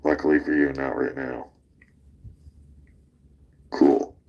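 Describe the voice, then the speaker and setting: A man's voice: extremely low pitch, steady tone, takes it slowly, gravelly, a little mellow, highs cut off. A man hosting a casual talk show, telling a rowdy story with laughter and swearing. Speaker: podcast host.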